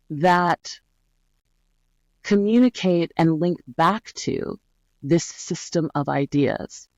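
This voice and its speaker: A woman's voice: deep voice, no room sound, dull audio. A woman guest on a podcast interview who tells stories with energy and often checks in with "right?". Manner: lively storyteller, often adds "right?". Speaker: guest, brand scientist.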